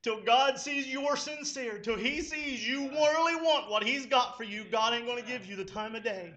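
Fervent high-voiced man preaching. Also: moderate pace, bright, forceful tone. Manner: fervent exhorting, rising to impassioned pleas. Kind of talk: sermon. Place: church service. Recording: dull lo-fi recording.

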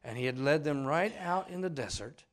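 A preacher delivers a sermon in a fairly high voice full of rising and falling pitch. He swings from loud, shouting lines to hushed ones and plays out the voices of the people in his story. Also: lively intonation, moderate pace.

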